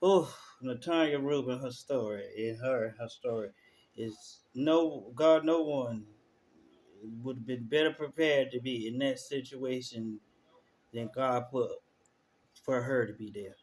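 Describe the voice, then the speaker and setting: A man streamer giving casual live commentary, telling stories in animated slang. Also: mid-range voice, measured pace. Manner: animated storytelling, slangy, laughs through stories. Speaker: streamer reacting to clips.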